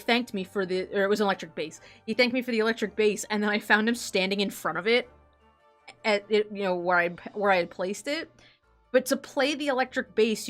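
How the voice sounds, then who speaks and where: A woman's voice: medium pitch, a bit bright. A woman chatting casually while she draws, rambling and giggling, with lots of filler words. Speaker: artist chatting while drawing. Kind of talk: casual chat.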